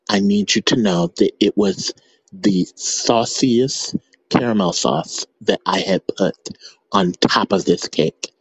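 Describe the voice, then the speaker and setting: A man playing a doting caller bragging about homemade cake in a slow, syrupy, drawn-out way, in a comedy voicemail sketch. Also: on the low side, husky, dry recording, full character voice, rough recording.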